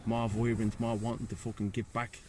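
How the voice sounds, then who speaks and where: A man's voice: on the low side, level tone, fairly quick, a little mellow, slight background noise. A man with a Dublin Irish accent talks as a guest in a casual chat, frank, slangy and swearing freely, outdoors by the sea. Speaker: guest, breathwork and sea-swim facilitator.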